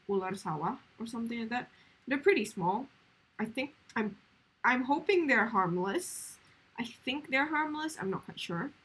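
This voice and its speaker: Husky, chatty woman streamer. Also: mid-range voice, a bit bright, low-quality recording. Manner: chatty rambling storyteller with many fillers. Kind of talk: casual chat on a live stream.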